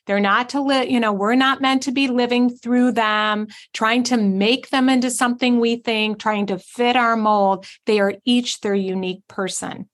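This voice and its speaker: A woman hosting a casual podcast interview, affirming her guest often and agreeing out loud. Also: on the high side, steady tone, normal speed, few pauses. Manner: warm, affirming, lots of agreement sounds. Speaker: podcast host.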